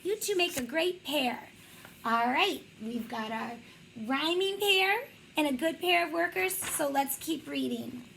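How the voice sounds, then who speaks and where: A woman teacher reading a picture book aloud to young children, slow and encouraging, praising them often. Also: high-pitched, lively intonation, gravelly, fairly bright tone, slight background noise, low-quality recording.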